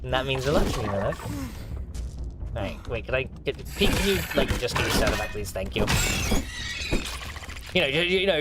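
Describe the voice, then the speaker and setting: A man's voice: mid-range voice, big pitch swings, normal speed, pauses often. A man streaming a video game, chatting casually, stammering through restarts, laughing and swearing as he plays. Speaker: gaming streamer. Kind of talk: casual live gameplay chat. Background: game music.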